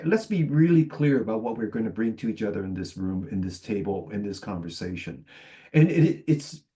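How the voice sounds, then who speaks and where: A man speaking on a sales conference panel, his voice sitting in an ordinary middle register. He tells animated anecdotes and acts out the back-and-forth of client conversations. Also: medium pitch. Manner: animated anecdotes with quoted dialogue. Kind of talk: panel discussion storytelling.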